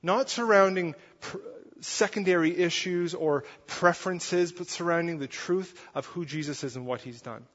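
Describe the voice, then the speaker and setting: A pastor preaching a sermon in a church, earnest and conversational, often checking in with "right?" and "okay?". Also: male voice, on the high side, moderate pace, a bit bright. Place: church sanctuary. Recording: muffled recording with long hall reverb.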